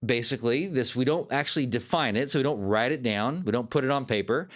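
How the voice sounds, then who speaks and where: With a mid-range voice and a quick pace, a man acting as a life coach on his podcast delivers a motivational monologue, keeping it animated and conversational.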